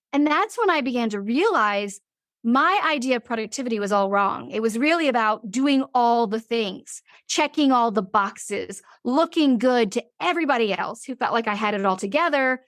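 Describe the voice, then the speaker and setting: A woman in her forties, a business owner and interview guest, telling stories in a vivid, animated way. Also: fairly high pitch, moderate pace, no room sound, clean studio sound. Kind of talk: casual interview storytelling.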